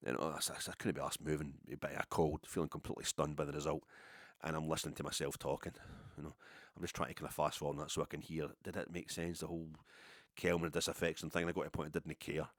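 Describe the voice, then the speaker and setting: A middle-aged Scottish man with a very low voice rambles through a story at his own expense. His casual talk is dotted with swearing. The recording is close and dry. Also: dry recording. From Scotland. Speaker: podcast host.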